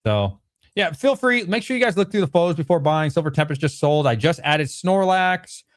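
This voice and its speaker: A Pokemon card seller on a live stream casually runs through card products, chatty and rambling and correcting himself as he goes. His voice is slightly high and animated at normal speed, recorded dry with studio quality.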